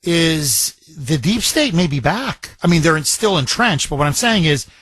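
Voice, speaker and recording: A man's voice: fairly high pitch, very animated, measured pace, fairly bright tone, no echo. Emphatic talk radio host, man. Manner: emphatic, repetitive, combative.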